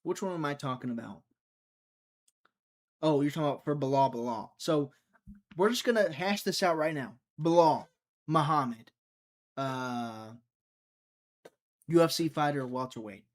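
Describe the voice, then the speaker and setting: This is a young Mississippi man running a laid-back live stream; he speaks at a measured pace with frequent pauses, his voice sitting on the high side. He rambles, jokes around, and reads viewers' chat out loud before responding.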